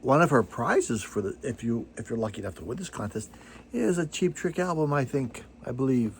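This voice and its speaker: Hosting his vinyl record channel, this older man chats loosely to camera, wandering off on tangents, poking fun at himself, and leaning on fillers. His pitch is medium with lively intonation, and he talks fairly quickly. A little hiss or hum sits underneath.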